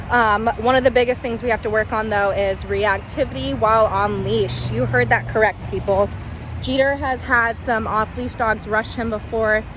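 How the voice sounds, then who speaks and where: A woman's voice: a little high, background noise. A woman dog trainer in a casual vlog, chatting and retelling stories with lots of ums.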